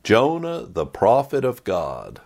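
A man's voice: huge pitch swings, takes it slowly, vocal fry, a little mellow. A man, a pastor, preaching a sermon on a passage, reading it out and acting out quoted lines dramatically. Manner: dramatic, voices quoted complaints with rising pitch.

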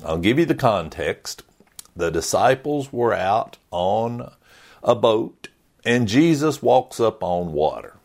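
Male pastor, earnest sermon delivery, low pitch, animated intonation. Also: slow, gravelly. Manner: earnest, preaching with lively rises and falls.

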